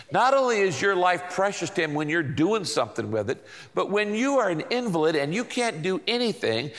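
Recorded with long hall reverb, this sermon comes from a male pastor whose voice is fairly high and fairly bright in tone. He teaches in an emphatic, repetitive rhythm, asking rhetorical question after rhetorical question.

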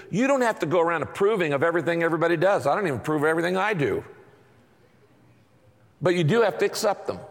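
A man preaching to his congregation, his somewhat high voice carrying a long reverb through a big church hall. He tells stories in an animated way and slips into acted-out quotes. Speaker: pastor. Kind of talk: sermon.

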